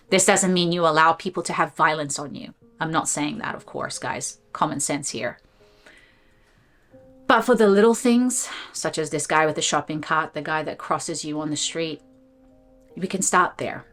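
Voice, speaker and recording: A woman hosting a meditation channel, telling a personal story in a casual, animated way and laughing often. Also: deep voice. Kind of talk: casual spiritual talk to camera.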